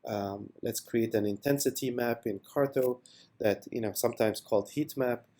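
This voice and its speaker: A man presenting a software product demo in an unscripted voice-over, enthusiastic and with many fillers. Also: mid-range voice, normal speed.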